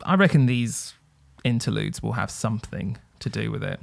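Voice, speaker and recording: A man's voice: lowish voice, animated, moderate pace, vocal fry, no room sound. A man co-hosting a music podcast, talking in a nerdy, enthusiastic way with frequent fillers. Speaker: podcast co-host. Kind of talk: casual music review chat.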